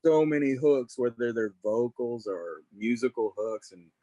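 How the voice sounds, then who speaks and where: A man, a guest musician, talking in casual chat, relaxed and full of "you know" and "man". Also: medium pitch, a little slow, muffled recording.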